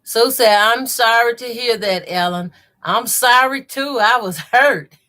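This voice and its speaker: A woman with a Southern accent hosts a live quilting stream, greeting each viewer by name and reading their comments aloud. She talks slowly and easily, with a bright, clear tone. She keeps saying y'all. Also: fairly high pitch. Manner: says y'all a lot. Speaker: quilting channel host. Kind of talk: live stream chat while sewing.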